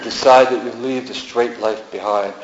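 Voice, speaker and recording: A man's voice: medium pitch, fairly even intonation, normal speed, a little hiss or hum. A man poet giving a sing-song reading of rhyming verse at a gallery. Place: art gallery. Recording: roomy, dull gallery recording.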